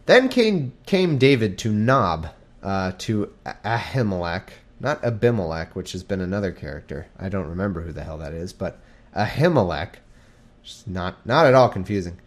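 A man's voice: low voice, big pitch swings, normal speed. A man reading scripture aloud and joking about it in a casual, irreverent way, laughing at his own remarks. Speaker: scripture reader and commentator.

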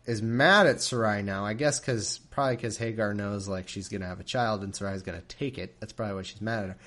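A man's voice: mid-range voice, a bit bright. A man reading scripture aloud into a desk microphone, breaking off often for laughing, mocking asides. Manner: sardonic, laughing, frequent asides. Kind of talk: irreverent commentary on a reading.

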